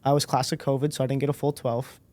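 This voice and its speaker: A man in his twenties, a podcast guest, telling a personal story in a relaxed way and acting out the dialogue. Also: medium pitch, fast. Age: 20s. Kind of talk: casual storytelling interview.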